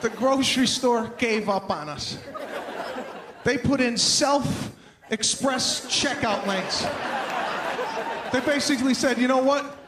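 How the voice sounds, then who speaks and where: A man's voice: very high-pitched, slow, long pauses, background noise. A man doing stand-up comedy on stage, telling exasperated stories and acting out voices. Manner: animated, exasperated storytelling with acted-out voices. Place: live comedy venue on stage. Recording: roomy hall echo, faint ambience.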